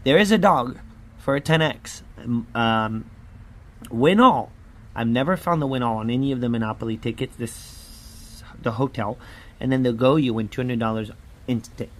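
Scratching lottery tickets on his casual vlog, a man grumbles in frustration and keeps adding "man" to the ends of sentences. He hosts a lottery scratch-off channel and speaks at a medium pitch and moderate pace.

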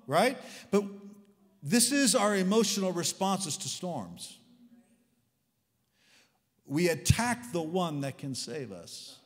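Animated male preacher in a reverberant hall. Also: high-pitched, takes it slowly, long pauses. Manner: animated, conversational and humorous, with sarcastic asides. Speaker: guest preacher. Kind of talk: sermon. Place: large church hall.

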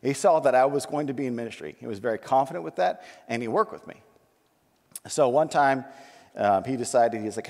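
A man preaching a sermon as a pastor, telling a personal story in a conversational, animated way. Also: mid-range voice, brisk, gravelly, big-room sound. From United States. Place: church sanctuary.

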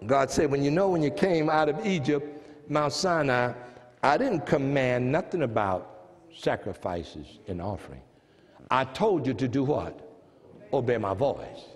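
A man's voice: medium pitch, animated, unhurried, big-room sound. A man with an American accent preaching a sermon, who stresses key phrases and repeats them as his emphasis builds. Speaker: pastor.

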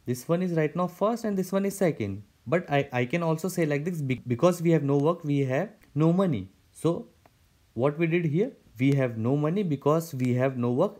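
A man's voice: fairly high pitch, a little mellow. A man teaching a German grammar lesson, explaining step by step with frequent repetitions and restarts.

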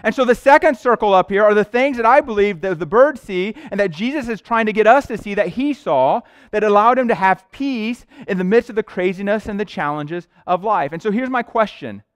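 Male pastor, conversational sermon, slightly high voice, dry close sound. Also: expressive, a little fast, hardly any pauses, clear, resonant tone, no echo. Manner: conversational, earnest preaching with frequent "right?" asides. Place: church sanctuary.

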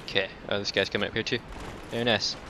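A man doing casual let's-play commentary, cursing and taunting enemies, dropping to mutters and then breaking into loud outbursts. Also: fairly low pitch, little pitch movement, fast talker, a little hiss or hum. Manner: profane, talks back to enemies, swings between mutters and outbursts. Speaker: gameplay commentator.

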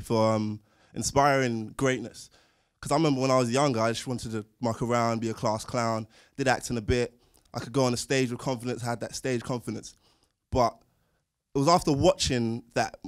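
A man in the audience, an actor himself, giving an admiring comment and fumbling his words. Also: medium pitch.

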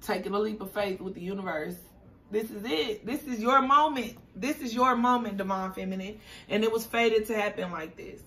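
A woman's voice: medium pitch, normal speed, fairly bright tone. A woman giving a spiritual tarot reading to her viewers, emotional and affirming, repeating herself as she gets choked up. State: choked up, near tears. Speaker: tarot reader.

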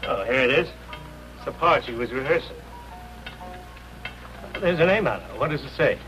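Actor as an old doorman, gruff, slangy, bright, sharp voice, 1950s TV drama. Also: mid-range voice, animated, moderate pace, close to an everyday voice, poor audio. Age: older. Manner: slangy, folksy talk. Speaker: doorman at a rehearsal hall. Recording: 1950s TV soundtrack with faint music.

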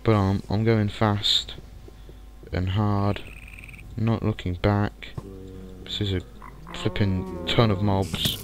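A man commentating a game let's play, excitable and muttering curses at the game. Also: fairly low pitch, takes it slowly. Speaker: gaming channel host.

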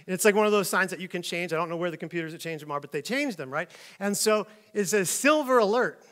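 A bright, high-pitched middle-aged man delivers a sermon full of lively storytelling. He keeps slipping into voices for the people in his stories, sometimes shouting them out. The tone is that of a preacher talking easily to his congregation. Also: quick pace. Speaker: pastor.

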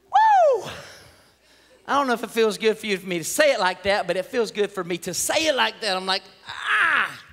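A man preaching a lively, comedic sermon, hollering and laughing as he goes. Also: high voice, fast talker, hardly any pauses. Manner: hollering, animated, laughing often. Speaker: pastor. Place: church sanctuary. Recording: long hall reverb.

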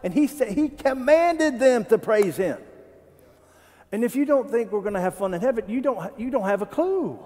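A man pastor preaching a sermon in a church, animated and joking, asking the congregation questions. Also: very high-pitched, normal speed, in a large hall. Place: church sanctuary.

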